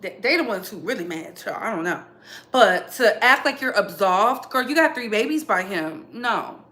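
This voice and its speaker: A woman's voice: mid-range voice, lively intonation, moderate pace, pushed and bright, reverberant. A woman hosting casual celebrity gossip commentary, sassy and emphatic, repeating lines for effect. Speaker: commentary channel host.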